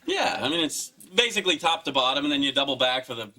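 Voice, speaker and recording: An actor playing an uptight, flustered young husband. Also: male voice, mid-range voice, very animated, fast talker, lightly acted. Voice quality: earnest, flustered. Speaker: groom. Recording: sitcom with background noise.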